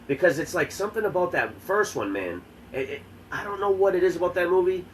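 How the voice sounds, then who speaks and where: A man's voice: sits high, animated, fast, rough recording. A man co-hosting a podcast in casual chat, opinionated and profane. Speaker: podcast co-host. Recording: faint background noise.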